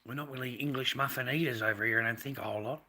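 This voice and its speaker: An Australian livestreamer rambles and picks fights on his live stream, cursing freely and swinging between low mutters and loud outbursts, all at a racing pace.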